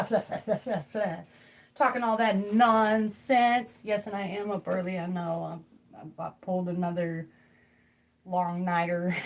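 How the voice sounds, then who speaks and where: A young woman reading tarot on a casual livestream from home. She rambles and jokes while talking to her viewers. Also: medium pitch. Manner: rambling, joking, talks to chat. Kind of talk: casual live tarot stream.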